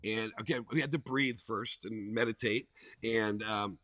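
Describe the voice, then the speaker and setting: Male podcast guest, animated rambling storyteller, dull lo-fi mic with no room sound. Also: lowish voice, a little slow, no echo. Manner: rambling and animated, full of "like" fillers. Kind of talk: casual storytelling. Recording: dull, dry lo-fi recording.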